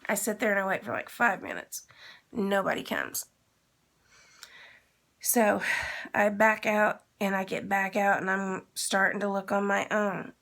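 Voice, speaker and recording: A woman's voice: medium pitch, level tone, moderate pace, fairly bright tone. A woman vlogger telling a long story in a casual, rambling way and acting out the dialogue. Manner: rambling, retells with quoted dialogue.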